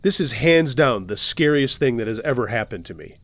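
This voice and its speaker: A man hosting and reading submitted true scary stories aloud, steady, with dry sarcastic asides. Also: mid-range voice, fairly quick, no room sound. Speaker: host and narrator.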